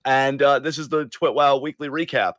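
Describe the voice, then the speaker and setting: A man's voice: medium pitch, steady tone, normal speed, fairly bright tone, no echo. A man co-hosting a weekly podcast in casual chat, rambling and correcting himself as he goes. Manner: rambling, self-correcting, chatty. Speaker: podcast co-host.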